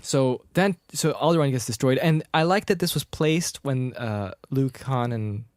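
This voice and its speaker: A man co-hosting a casual podcast, retelling a film scene by scene with quick voices for the characters. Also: medium pitch, no room sound, studio quality. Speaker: podcast co-host. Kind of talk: casual chat.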